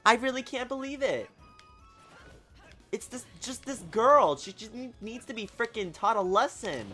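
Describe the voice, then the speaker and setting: A man giving live gameplay commentary, excitable and exasperated, breaking into sudden shouts. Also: very high voice, measured pace, faint music behind. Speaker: gaming video creator.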